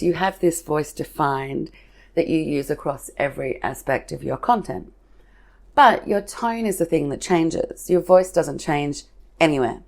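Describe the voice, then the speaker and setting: Low-pitched woman hosting a marketing podcast, chatty and casual, lots of examples. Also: creaky. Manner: chatty, lively and hands-on with examples. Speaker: podcast host from a marketing agency. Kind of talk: casual explanatory talk.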